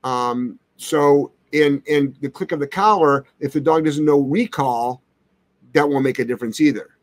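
A man's voice: a little high, normal speed. A man who trains dogs, hosting a live question-and-answer stream, talking in a blunt, brash and sarcastic way. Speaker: dog trainer, show host.

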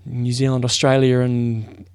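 A middle-aged man co-hosting a casual sports podcast, talking through race news in a plain-spoken way. His voice is gravelly. The sound is close and dry. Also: mid-range voice, completely flat delivery, unhurried, a little mellow, no room sound. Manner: plain-spoken, explains at length with fillers. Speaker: podcast co-host, race organiser. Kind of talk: casual chat.

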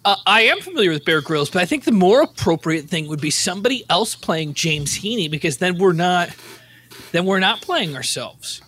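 A man's voice: sits high, lively intonation, normal speed, sharp tone. A man co-hosting a comedy podcast, talking in a wry, laughing way. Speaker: podcast co-host. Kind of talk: casual chat.

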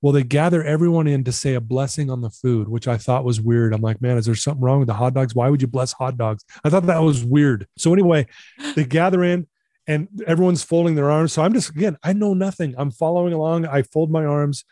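A middle-aged man recounting a personal story as an interview guest, earnest and animated, acting out the dialogue. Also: a little high, a little fast, no echo, studio quality.

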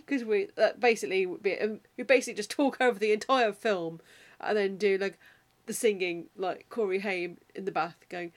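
A woman's voice: medium pitch, moderate pace. A woman hosting a podcast in a casual, self-deprecating monologue, talking animatedly and slipping into quoted film lines. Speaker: podcast host.

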